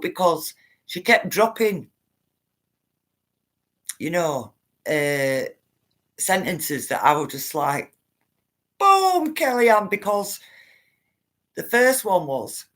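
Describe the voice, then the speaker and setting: Woman, lower register, rambling livestream host chatting to her audience. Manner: chatty, rambling, addresses viewers as guys and love. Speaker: livestream host reading viewer comments. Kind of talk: casual livestream chat to viewers.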